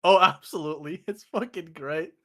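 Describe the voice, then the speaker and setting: A man's voice: on the high side, moderate pace. A young Dutch man hosting a casual stream chat, laughing as he rambles through comedy scenes. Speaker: streamer host.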